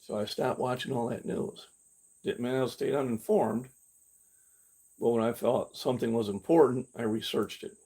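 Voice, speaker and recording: An older man talks through a meandering live stream in a husky, slightly breathy voice. He speaks candidly, doubling back and restarting his sentences, and now and then mimics his own past reactions in a mocking tone. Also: medium pitch, steady tone, moderate pace, warm tone. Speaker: fitness channel host. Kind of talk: rambling live-stream talk. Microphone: camera he carries himself.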